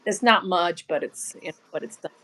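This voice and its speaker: A woman in her thirties chatting casually, unhurried and trailing off mid-thought. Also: on the low side, pushed and bright, a little hiss or hum. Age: 30s. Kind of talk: casual chat.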